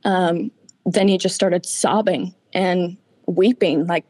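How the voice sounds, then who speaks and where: A woman's voice: fairly low pitch, steady tone, takes it slowly, darkish tone, no echo. A woman guest giving a candid, emotional personal account in an interview, tearful at times.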